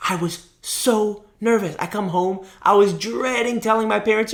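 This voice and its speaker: A man who is a rabbi, telling a story in an animated, storytelling talk and breaking into excited shouts. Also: sits high, a little fast, few pauses.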